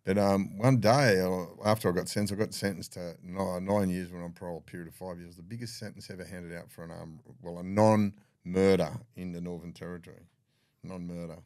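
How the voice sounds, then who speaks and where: A man's voice: low voice, steady tone, quick pace, hardly any pauses, a little mellow, no echo, studio quality. An older Australian man telling his story in a blunt, profane way, often acting out what others said. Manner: blunt, swears freely, acts out dialogue. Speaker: podcast guest. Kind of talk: candid storytelling.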